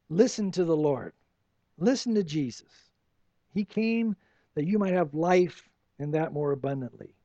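A male pastor with a high voice preaches in an earnest, pleading way and presses his listeners with question after question. The sound is dry and close, a little dull in tone. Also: unhurried, warm tone, no echo. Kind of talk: sermon.

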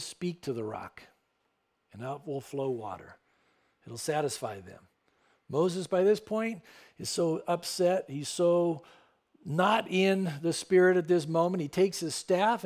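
A man serving as pastor, preaching a sermon to his congregation in earnest tones that drop soft and low at key moments. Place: church sanctuary.

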